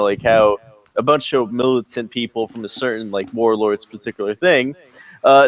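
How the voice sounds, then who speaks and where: A male guest rambles through a story in casual stream chat, stumbling over fillers and restarts. His voice sits in an ordinary middle pitch. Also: rough recording.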